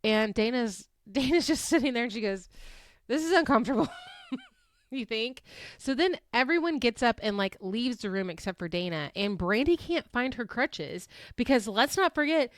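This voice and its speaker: A woman's voice: on the high side, normal speed, no room sound, studio quality. A woman hosting a podcast recap, chatting casually, laughing often and acting out quotes. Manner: animated, laughs often, acts out quotes in shifted voices. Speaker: podcast host recapping a reality show. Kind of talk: casual chat.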